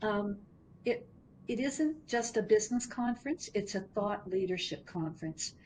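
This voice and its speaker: A woman founder answering interview questions thoughtfully, sometimes pausing to find the right words. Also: mid-range voice, lively intonation, a little mellow, slight background noise, rough recording. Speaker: business founder, guest.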